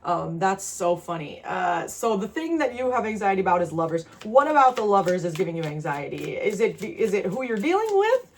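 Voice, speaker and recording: A woman's voice: mid-range voice, sing-song, fairly quick, few pauses. A woman with a New Jersey accent giving a casual tarot reading straight to the viewer, chatty and laughing often. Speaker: tarot reader.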